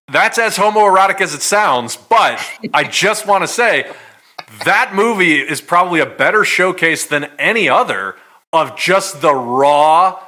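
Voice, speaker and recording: A man co-hosting a podcast, arguing his points in lively casual chat. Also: on the high side. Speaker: podcast co-host.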